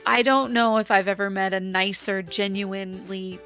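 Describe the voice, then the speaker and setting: A young woman chatting to camera, telling stories in a lively way and acting out what people said. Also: medium pitch, normal speed, faint music behind. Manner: chatty, animated, acts out quotes. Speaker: vlogger. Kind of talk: casual storytelling to camera.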